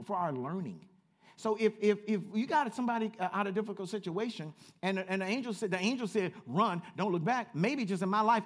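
A man preaching a sermon as pastor, swinging from quiet asides to loud repeated calls and chatting with the congregation. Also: sits high. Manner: chatty with the congregation, laughs at himself. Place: church.

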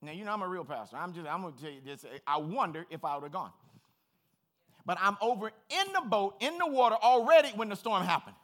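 A man's voice: sits high, expressive, fast talker, fairly bright tone. A middle-aged man preaching a sermon as pastor, earnest, personal and plain-spoken.

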